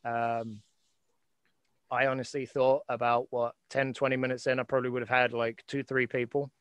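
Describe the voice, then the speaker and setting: A man hosts a casual live chat with friends, his voice sitting at an ordinary middle pitch. He rambles and restarts, and the sound is dry and close. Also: level tone, normal speed, a bit bright, clean tone, dry recording. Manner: rambling, many fillers and restarts. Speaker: host.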